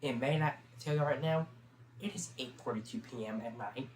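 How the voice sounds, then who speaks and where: A man's voice: mid-range voice, normal speed. Chatty teenage guy rambling on stream. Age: teens. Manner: chatty, loose, full of fillers. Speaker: livestream host. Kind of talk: casual rambling storytelling. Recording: roomy sound with faint background hum.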